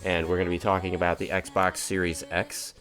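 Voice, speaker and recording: A man's voice: low voice, monotone, brisk, fairly bright tone, soft background music. A man streaming a racing game live, chatting casually to viewers in a rambling, upbeat, self-mocking way. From United States.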